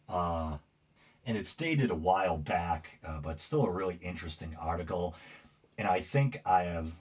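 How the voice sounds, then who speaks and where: A man's voice: extremely low pitch, slightly rough. A man hosting a podcast, talking through news stories in a rambling, opinionated monologue with many fillers. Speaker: podcast host. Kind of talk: casual monologue commentary.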